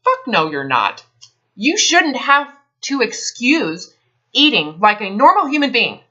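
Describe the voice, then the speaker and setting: A woman's voice: a little high, huge pitch swings, unhurried, sharp tone. A woman health advisor in a counseling session, talking bluntly and emphatically, swearing freely. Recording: dull lo-fi recording.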